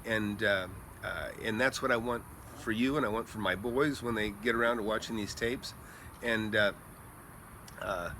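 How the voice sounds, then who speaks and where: A middle-aged man telling rambling, animated stories as a real estate investor, chatting casually outdoors by a pool at night. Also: on the low side, normal speed, slight background noise. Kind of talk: casual storytelling vlog.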